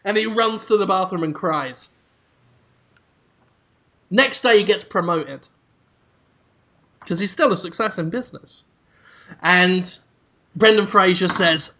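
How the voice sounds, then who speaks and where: A podcast host with a high voice rambles at a moderate pace through an absurd, improvised comic story. Every so often he bursts into loud put-on voices.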